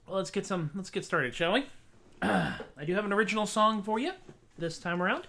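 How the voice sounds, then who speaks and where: A man's voice: high voice, expressive, normal speed, pushed and bright. Chatty self-mocking man with ukulele. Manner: self-deprecating, chatty, breaks off songs to joke. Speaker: singer-songwriter streaming a show. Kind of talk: casual livestream chat and singing with ukulele. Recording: ukulele playing along.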